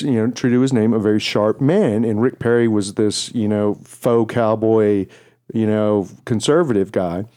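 Middle-aged East Texas man, radio co-host; animated, filler-heavy anecdote teller. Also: lowish voice, smooth. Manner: animated, laughing storyteller with many fillers. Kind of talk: casual storytelling interview.

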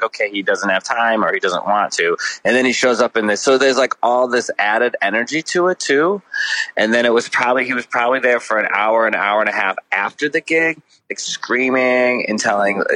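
A man's voice: fairly low pitch, pushed and bright, no echo, poor audio. Rambling, profane male storyteller. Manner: rambling, swears freely, many "like" fillers. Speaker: guest musician. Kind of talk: casual storytelling in a podcast chat.

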